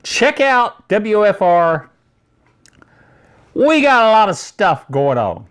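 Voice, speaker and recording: Lively, slow-talking male tech host. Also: sits high, clean tone. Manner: rambling, chatty asides. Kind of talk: casual tech news monologue.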